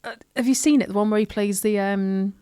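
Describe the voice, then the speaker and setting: A woman's voice: medium pitch, fairly quick, mellow, smooth, dry recording, clean studio sound. A woman hosting a podcast, chatting casually and encouraging her guest. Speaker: podcast host.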